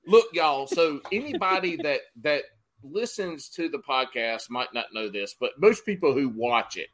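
A man's voice: on the high side, expressive, a little slow, a bit bright. A man co-hosting a podcast, joking and teasing in casual banter. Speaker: podcast co-host.

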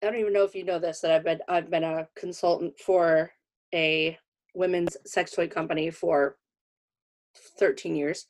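A woman's voice: on the low side, normal speed. A woman who hosts a podcast and does comedy, chatting casually and telling stories with frequent laughter. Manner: lively storyteller, laughs often. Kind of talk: casual chat.

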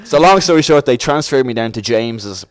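A man's voice: medium pitch, fairly quick, clean tone. A young Irish man from Dublin, guest on a chat show, telling a long anecdote and acting out the voices in it. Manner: animated, acts out voices in his anecdote. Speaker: podcast guest. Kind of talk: casual storytelling.

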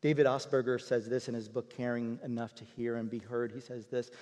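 Male pastor, mid-pitched, chatty storytelling sermon with frequent restarts, recorded in a big reverberant hall. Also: flat delivery, brisk, few pauses, darkish tone. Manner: conversational, repeats words as he restarts.

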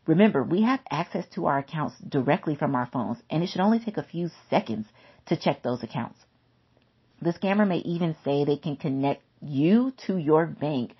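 A woman's voice: low voice, breathy edge, dull audio. A woman giving an instructional talk about scams, emphatic and chatty, repeating key points. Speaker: consumer safety educator.

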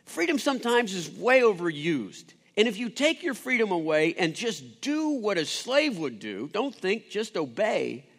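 Guy telling a rambly sermon story, kinda high voice, lots of uh and restarts, long echo like a big hall. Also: very animated, measured pace, few pauses, fairly bright tone. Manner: rambling, with many restarts and fillers.

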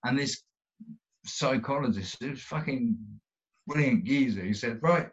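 A man's voice: medium pitch, measured pace. A man telling his own story in an interview, rambling and swearing a lot, with many restarts. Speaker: guest. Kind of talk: candid interview. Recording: dull lo-fi sound.

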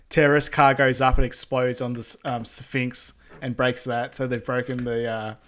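A man's voice: medium pitch, level tone, moderate pace, a bit bright. Laid-back male co-host chiming in. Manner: chimes in with short agreements and reactions. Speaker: podcast co-host. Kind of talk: casual film recap chat.

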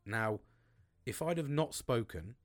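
A man talks to his podcast listeners in a loose, candid monologue. His voice swings widely between low and high. He swears often and leans hard on his words. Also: lively intonation, a little slow. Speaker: podcast host. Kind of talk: casual monologue. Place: home, outdoors on a sunny afternoon.

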